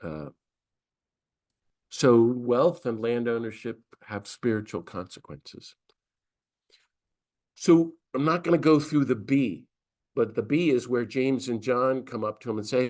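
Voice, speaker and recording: A middle-aged priest teaching a class on scripture, lively and conversational, briefly acting out the voices of the figures he quotes. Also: mid-range voice, measured pace, pauses often. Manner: animated, acts out quoted voices. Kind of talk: lecture on scripture.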